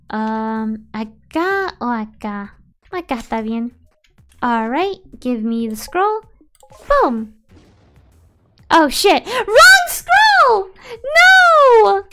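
High-voiced bilingual woman gaming streamer. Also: slow pace. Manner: chatty, switches between English and Spanish, excitable outbursts. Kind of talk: casual gaming stream chat. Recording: faint background music.

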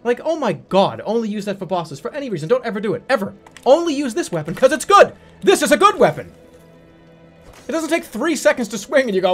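A man commenting as he plays a video game, swearing, laughing and yelling in frustration. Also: extremely high pitch, sing-song, fairly quick, soft background music. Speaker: gaming streamer. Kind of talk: let's play commentary.

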